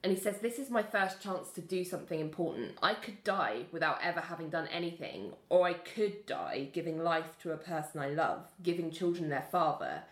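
A woman casually chatting as a podcast co-host, animatedly retelling scenes and acting out characters' lines in quick voices. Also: fairly low pitch, echoey room. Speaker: podcast co-host recapping a TV series. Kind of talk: casual chat.

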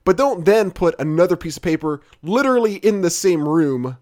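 A man's voice: sits high, expressive, normal speed, a little mellow. A man hosting a casual chat, rambling and swearing freely with many restarts. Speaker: podcast host.

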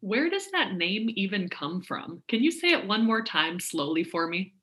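Bright-voiced woman interviewer. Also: mid-range voice, sing-song, moderate pace. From Minnesota. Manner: friendly, curious, asks rambling questions. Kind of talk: casual interview chat.

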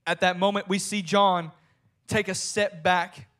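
A man preaching a sermon, reading scripture and telling the story dramatically, swinging from soft storytelling to shouted high points. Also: little pitch movement, measured pace. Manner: reads scripture aloud in King James wording.

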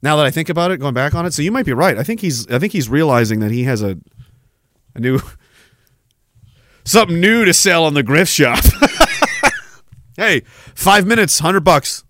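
A man's voice: a little high, big pitch swings, moderate pace, long pauses, fairly bright tone, dry recording, clean studio sound. A man hosting a live stream, chatting casually in a rambling, profane way and laughing often. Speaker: podcast host. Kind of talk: casual livestream chat.

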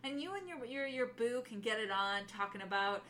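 Bright, lively young woman chatting. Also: a little high, normal speed, a little hiss or hum. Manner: animated, laughs often, acts out characters' lines. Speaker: podcast co-host. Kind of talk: casual book chat.

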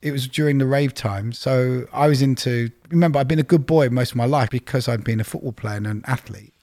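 A middle-aged man, a guest telling anecdotes in a relaxed interview, chatty and prone to playful exaggeration. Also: medium pitch, fairly quick. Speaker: record label executive, guest. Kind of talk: casual interview storytelling.

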